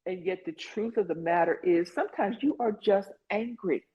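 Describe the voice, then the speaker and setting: Over dull, lo-fi video call audio, a woman leads an online support group session. Her voice is medium-pitched and slightly rough, moving at a moderate pace. She talks in an earnest, conversational way, dropping plenty of "like" and "you know."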